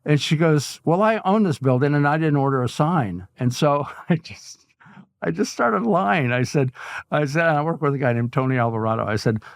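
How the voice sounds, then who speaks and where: An older man, a guest artist telling stories in a casual interview, animated and chuckling as he goes. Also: fairly high pitch, moderate pace, gravelly, no room sound.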